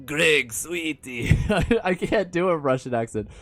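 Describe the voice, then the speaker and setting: A flippant, influencer-style young woman coos her put-downs, mocking and sweetly condescending, as a man puts her on while reading a game aloud. The voice sits slightly above his usual and is a little brighter and louder than his narration. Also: mid-range voice, lively intonation, moderate pace, soft background music, natural voice. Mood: teasing. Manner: cooing, teasing, mocking.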